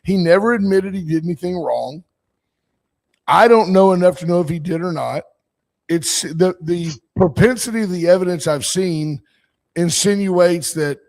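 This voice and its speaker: A man's voice: fairly high pitch, moderate pace, a little mellow. A man in his sixties hosting a call-in talk show, rambling and opinionated, reading out listener comments as he goes. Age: 60s. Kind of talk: casual political call-in talk.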